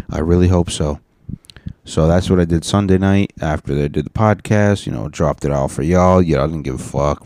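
Deep, dark-voiced man ranting on a podcast. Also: no echo, studio quality. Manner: rambling, profane, swings into loud rants. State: tired. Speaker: podcast host. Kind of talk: casual solo podcast chat. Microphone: studio mic on a stand.

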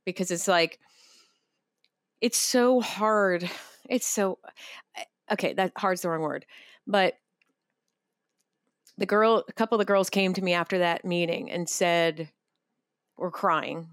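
A woman's voice: on the low side, slow, pauses often, dry recording, clean studio sound. A woman co-hosting a casual podcast, talking candidly and bluntly, with some casual swearing.

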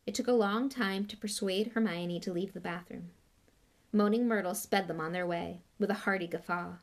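A woman's voice: mid-range voice, steady tone, moderate pace. A woman reading a novel aloud in a plain way with small slips and restarts. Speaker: audiobook reader.

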